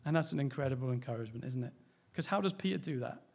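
A man's voice: medium pitch, animated, racing, a little mellow. A man, a pastor, preaching a sermon in a candid, conversational way, asking rhetorical questions and laughing lightly now and then.

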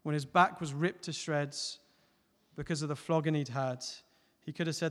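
Preacher guy giving a sermon, earnest, gets loud then goes soft, voice on the high side, lots of hall echo. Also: steady tone, normal speed. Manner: earnest, builds to loud emphatic peaks then drops soft. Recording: long hall reverb.

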